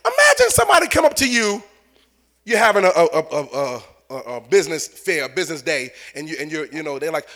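A man preaching a sermon, repeating phrases and building to shouted points. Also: fairly high pitch, a little fast. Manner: animated, repetitive, building to shouts.

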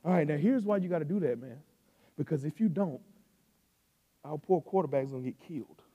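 Preacher guy, high voice, chatty coach talk that gets loud, echoey church hall. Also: brisk, husky, highs cut off. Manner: builds from calm storytelling to loud shouting; coaching, conversational, with southern-style slang. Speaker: pastor. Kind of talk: sermon.

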